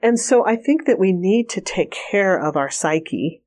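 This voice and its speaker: A woman's voice: medium pitch, expressive, a little slow, a little mellow. A woman guest in an interview, earnestly telling personal stories in a candid, conversational way with frequent restarts. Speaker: interview guest, remote viewing trainer.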